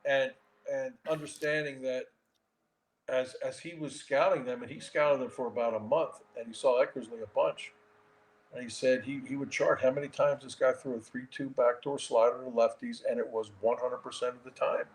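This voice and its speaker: A man's voice: medium pitch, normal speed, low-quality recording. Man in his 60s telling a story. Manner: animated storyteller with frequent restarts. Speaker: guest, former baseball catcher and manager. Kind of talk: storytelling in a casual interview.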